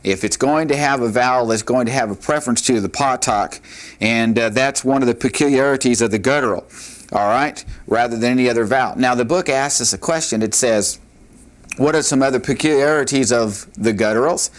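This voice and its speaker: A man's voice: medium pitch, fairly quick. A man teaching a Hebrew grammar lesson at a board in a classroom, patiently repeating key points with frequent "all right" and "uh".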